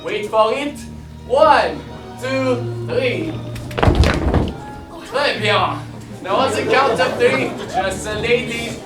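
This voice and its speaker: A woman's voice: fairly high pitch, slow pace, pauses often, loud music behind the voice. A teenage girl acting a pompous restaurant dance host with a put-on French accent, bossy and theatrical, on a school stage. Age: teens. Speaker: student actor. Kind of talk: live stage comedy acting. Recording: echoey school hall from far off, live audience.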